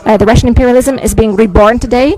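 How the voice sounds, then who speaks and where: Polish-accented man giving a measured press statement. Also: very high-pitched, steady tone, darkish tone, poor audio. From Poland. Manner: deliberate, emphatic, frequent "uh" hesitations. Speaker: visiting head of state.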